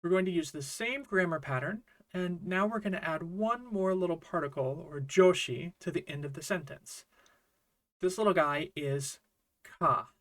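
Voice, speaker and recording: A man's voice: a little high, normal speed, fairly bright tone. A man teaching a casual online Japanese grammar lesson, explaining in a friendly, chatty way with small fillers and asides.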